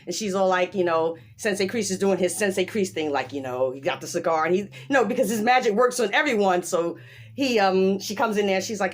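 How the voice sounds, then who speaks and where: A woman chatting casually as she recaps a show, animated and emphatic, breaking into quick quoted voices and frequent laughs. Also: medium pitch. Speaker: show reviewer.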